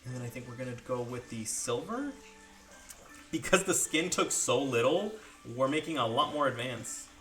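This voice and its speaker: A man's voice: mid-range voice, lively intonation, normal speed, a bit bright, faint music behind. A man streaming while painting miniatures, chatting casually and jokingly with his viewers. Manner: jokey, rambling, talks to chat.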